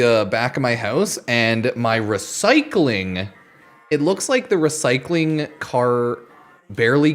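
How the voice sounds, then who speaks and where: A man streaming a game, chatting casually in an animated, ranting way with frequent exclamations. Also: mid-range voice. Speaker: gaming streamer. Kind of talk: casual chat.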